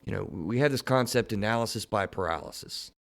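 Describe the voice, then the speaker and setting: Low-voiced man hosting a therapy podcast. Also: gravelly, fairly bright tone. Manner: halting, repeats words and restarts often. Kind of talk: casual podcast conversation.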